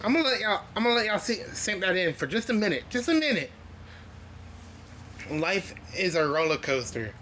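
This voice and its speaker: This is a man hosting a music reaction video. His voice sits a little on the high side for a man. He talks in a casual, excited and earnest way, chatty and full of stories. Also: fast talker, hardly any pauses, slight background noise. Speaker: music reaction channel host.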